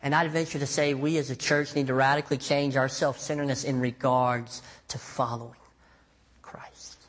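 A young male pastor delivering a sermon in an animated storytelling way. He slips into acted-out voices for the people in his stories and pokes fun at himself between Bible verses. His voice sits in an ordinary middle pitch. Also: moderate pace. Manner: animated storytelling, acts out voices in quotes, self-mocking jokes.

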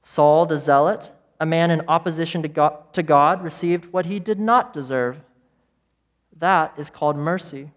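A man preaching a sermon as pastor, emphatic, with repeated phrases and dramatic pauses. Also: a little high. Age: adult parent of young children.

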